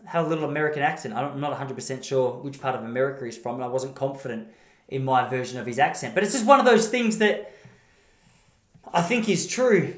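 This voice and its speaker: A man's voice: mid-range voice, fast. Blunt, rambling Australian man in a roomy echo. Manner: rambling, blunt, self-correcting. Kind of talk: opinionated monologue.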